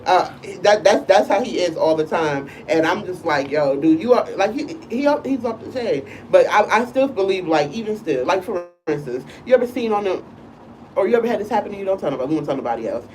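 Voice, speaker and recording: A woman's voice: lowish voice, animated, brisk, darkish tone. A woman co-hosting a casual live-stream chat, talking loosely and often asking "you know what I'm saying". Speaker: co-host and school teacher. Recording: voice a bit far from the mic.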